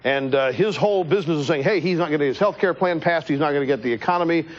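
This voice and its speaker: A man hosting a TV talk show, delivering an animated, joking political monologue in the studio and talking to his crew. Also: on the high side, racing. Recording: dull lo-fi TV broadcast.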